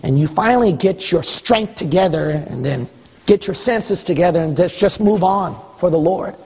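A man preaching a sermon as pastor, exhorting with wry rhetorical questions and a husky voice. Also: high-pitched, normal speed, darkish tone. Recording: long hall reverb.

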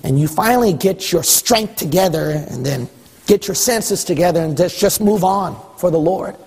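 A male pastor preaches with rising emphasis and teasing asides to the congregation. His voice is high and husky. It carries long hall reverb. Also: moderate pace, darkish tone. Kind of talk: sermon.

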